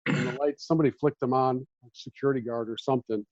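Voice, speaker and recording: Fifties ex-reporter guest, warm voice on dull, dry lo-fi audio, tells stories and acts out quotes. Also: male voice, mid-range voice, fairly even intonation, fast talker, no room sound. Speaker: podcast guest, former sports beat reporter. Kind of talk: casual storytelling chat.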